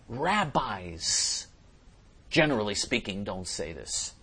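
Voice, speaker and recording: A man's voice: mid-range voice, animated, moderate pace, long pauses. Emphatic man ranting in commentary. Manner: emphatic and repetitive, often clears throat. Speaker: political commentator.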